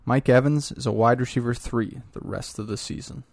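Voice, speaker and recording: A man's voice: mid-range voice, brisk, vocal fry, a little mellow, no room sound. A man hosting a podcast, chatting casually with short, laid-back reactions. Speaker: podcast host. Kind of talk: casual fantasy football chat.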